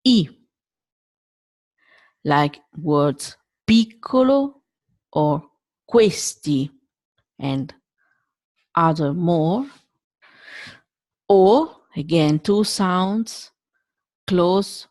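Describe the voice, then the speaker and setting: A woman's voice: lowish voice, animated, very slow, pauses often, darkish tone, dry recording. Woman, Italian accent, language teacher, careful vowel demonstrations, dry close sound. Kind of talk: language lesson.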